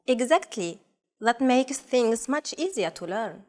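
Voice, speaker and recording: A woman co-hosting a language lesson, speaking in a scripted way and modeling words clearly and carefully. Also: fairly high pitch, animated, takes it slowly, a little mellow, long reverb tail.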